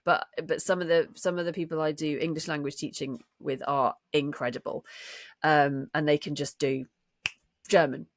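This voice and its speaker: A woman in her forties, a voice actor co-hosting a podcast, speaking thoughtfully and modestly. Her voice sits a little low, recorded dry and close. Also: steady tone, moderate pace, dry recording. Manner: thoughtful, self-deprecating. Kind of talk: casual chat.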